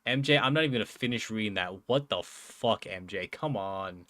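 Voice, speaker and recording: A man's voice: lowish voice, expressive, a little fast, few pauses, a bit bright, no room sound. A young man chatting casually on a live stream, rambling with lots of fillers, swearing and frequent laughs. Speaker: streamer and podcast host.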